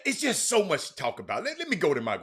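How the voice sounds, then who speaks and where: A male host rattles through sports talk with a high, lively voice that leaps all over the place. He teases the fans and shouts out names from the chat, and he trips over his own words as he goes. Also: fast. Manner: loud, excitable, teasing, repeats words, sudden shouts. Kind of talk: animated sports talk, reading live chat.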